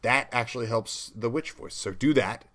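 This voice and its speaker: A man co-hosting a podcast, chatting in an animated, rambling way and laughing often while brainstorming game ideas. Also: medium pitch, normal speed. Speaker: podcast co-host. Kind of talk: casual brainstorming chat.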